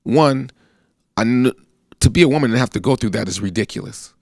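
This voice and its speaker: A man in his thirties from the United States, an army veteran, is a guest earnestly recounting his story in plain conversational speech and acting out the voices he quotes. His medium-pitched voice is brisk and a little mellow, with vocal fry, recorded at studio quality without echo.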